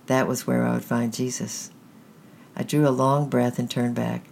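A storyteller reading a children's story aloud at a measured, gentle pace. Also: medium pitch, little pitch movement, creaky, a little hiss or hum.

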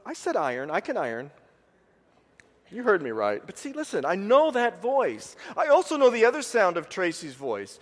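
High-voiced man preaching in a hall. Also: wildly swooping pitch, moderate pace. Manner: storytelling, imitates family voices. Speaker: pastor. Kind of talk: sermon. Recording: long hall reverb.

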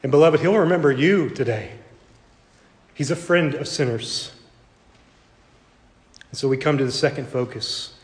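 A man preaching a sermon, his delivery swelling loud and high before dropping to a hush. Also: lively intonation, measured pace, long pauses, echoey room, big-room sound.

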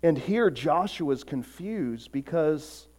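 Man, pastor, sermon, earnest, somewhat high voice, emphatic then hushed. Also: animated, takes it slowly. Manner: earnest, rises to emphatic peaks then drops soft; acts out short voices in quotes.

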